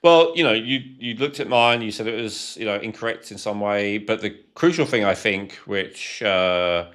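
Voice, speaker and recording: A man's voice: lowish voice, moderate pace, fairly bright tone. A man hosting a podcast, asking questions in a hesitant way, searching for words. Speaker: podcast host. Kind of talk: casual interview questions.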